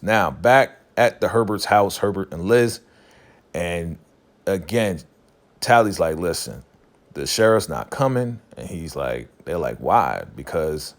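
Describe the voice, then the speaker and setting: A man casually recapping a TV drama episode, animatedly retelling scenes and paraphrasing characters' lines. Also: low voice. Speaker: recap reviewer.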